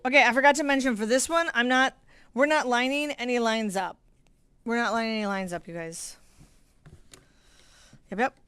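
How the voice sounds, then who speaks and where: A middle-aged woman with a bright, slightly high voice chats away to her livestream viewers, greeting them by name and cheering over her own progress. The sound is dry and close, with no room in it. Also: normal speed, long pauses, smooth, no room sound. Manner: bubbly, chatty, talks to viewers by name. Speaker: quilting livestream host. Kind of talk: casual livestream chat while sewing.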